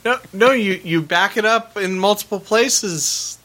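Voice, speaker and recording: Guy with a high bright voice, wry, chiming in on a podcast. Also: measured pace. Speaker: podcast co-host. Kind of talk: casual chat.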